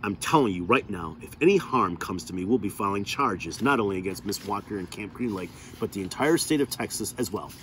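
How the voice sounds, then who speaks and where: A man's voice: lowish voice, animated, fairly quick, few pauses, fairly bright tone, slight background noise. A man reading aloud, voicing a short, fierce woman lawyer who talks in a snappy, insistent way.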